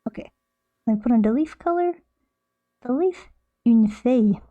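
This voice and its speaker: A woman's voice: high-pitched, lively intonation, normal speed, narrow, tinny audio. A young woman streaming, chatting casually and playfully with her chat as she draws, rambling and restarting her sentences.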